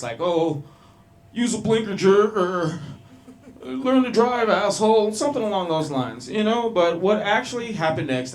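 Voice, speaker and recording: A man from Long Beach, California doing a loose, profane stand-up set at an open mic, bantering with the crowd. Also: on the high side. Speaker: stand-up comedian. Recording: small club with faint noise.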